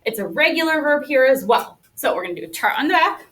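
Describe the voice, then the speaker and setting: A woman's voice: high-pitched, expressive, quick pace, a bit bright, distant mic, a little hiss or hum, low-quality recording. A woman teaching a Spanish class, upbeat and coaxing as she leads the students through repetition drills. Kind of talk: classroom lesson.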